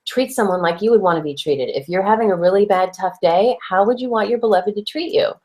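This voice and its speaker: A woman co-hosting a relationship advice chat, playful and expressive, slipping into acted-out voices for the lines she quotes. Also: medium pitch, a little fast. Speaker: podcast co-host.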